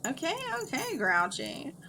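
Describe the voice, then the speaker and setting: A woman's voice: on the high side, unhurried, sharp tone, a little hiss or hum. A woman voicing a sarcastic tiny male magical creature, cheeky and griping as she reads a story aloud. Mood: snarky. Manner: cheeky, griping, calls others Grouchy.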